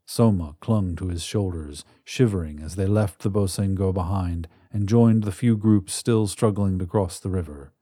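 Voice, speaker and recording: A man in scripted narration of a science fiction story, telling it in a measured, dramatic way on a close mic. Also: on the low side, warm tone, dry recording.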